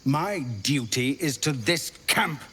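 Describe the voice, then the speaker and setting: Brief: an indignant tiefling guard in a fantasy game, lively, bright, sharp-edged voice, game music behind. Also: male voice, a little high, slow pace, husky, full character voice. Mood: bitter. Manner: scolding, indignant. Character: angry male tiefling camp guard.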